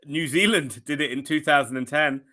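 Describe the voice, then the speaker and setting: English guy talking footy on a live stream, bright sharp voice, chatty. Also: on the high side. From England. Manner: chatty, quick banter with casual slang. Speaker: soccer analyst. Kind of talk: live match commentary chat.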